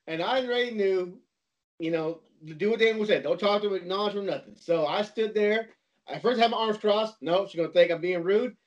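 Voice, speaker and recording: A man spins a long anecdote in loose, casual conversation, stumbling over restarts and repeating himself as he goes. His voice sits quite high for a man. The recording is dull and lo-fi. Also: a little fast. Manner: rambling, with many restarts and repeated words. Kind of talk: casual storytelling chat.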